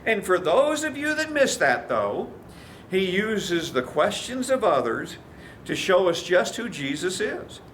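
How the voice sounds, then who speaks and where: High-voiced pastor acting out scripture. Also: male voice, big pitch swings, a little slow, a bit bright, slight background noise. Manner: storytelling, acts out quoted voices. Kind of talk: sermon.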